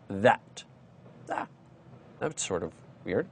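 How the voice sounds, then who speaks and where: A man's voice: a little high, sing-song, normal speed. A man teaching programming on a live stream, chatty, with many fillers and restarts. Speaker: programming instructor. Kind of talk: live-streamed coding lesson.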